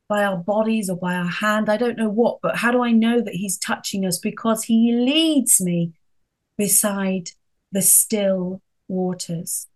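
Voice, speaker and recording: A middle-aged woman giving an earnest devotional reflection, telling a personal story and softening her voice for emphasis. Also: medium pitch. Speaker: speaker sharing a devotional reflection.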